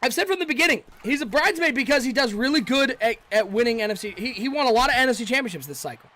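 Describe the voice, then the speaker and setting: A man doing chatty, excitable play-by-play commentary for a live stream, joking with viewers in chat. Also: very high voice, racing.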